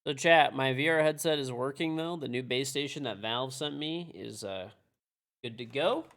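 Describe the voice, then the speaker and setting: A young male game streamer chats casually with his viewers and teammates, cracking jokes and swearing freely. His voice sits at a middling pitch, relaxed and unhurried. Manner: joking, profane, laid-back. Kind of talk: casual chat.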